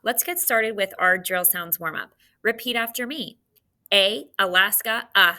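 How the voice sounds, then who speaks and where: A woman teaching a recorded phonics lesson to children, encouraging and clearly sounding out syllables. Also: medium pitch, normal speed, sharp tone.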